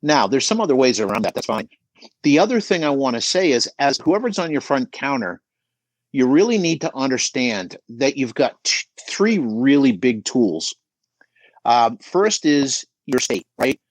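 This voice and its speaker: A man's voice: medium pitch, sing-song, moderate pace, no echo. A middle-aged man giving emphatic coaching advice on a podcast, often checking in with "right?". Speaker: business coach guest.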